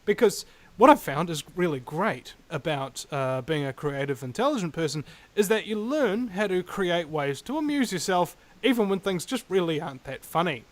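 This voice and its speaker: A man hosting a radio talk show, talking in a rambling, animated way with many fillers. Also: high voice, moderate pace. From New Zealand. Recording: radio broadcast.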